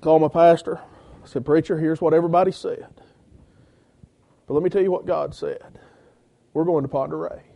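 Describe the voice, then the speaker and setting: Male preacher, sermon storytelling, high-pitched but warm and mellow. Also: steady tone, fairly quick, vocal fry, long pauses. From Georgia. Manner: storytelling with many quoted exchanges, rising intensity when quoting others. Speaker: church-planting preacher. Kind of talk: sermon testimony.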